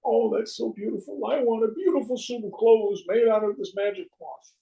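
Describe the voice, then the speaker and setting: A man's voice: high-pitched, moderate pace, creaky, dark tone, recorded from a distance, lo-fi sound, voice pushed up. Man doing a gushing vain king. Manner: gushing, exaggerated admiration. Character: gullible vain king, grown man, easily flattered.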